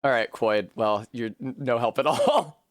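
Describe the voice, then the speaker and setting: A man streaming a game live, animated and swearing freely between bursts of laughter. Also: mid-range voice, normal speed, no room sound, clean studio sound. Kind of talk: live gameplay commentary.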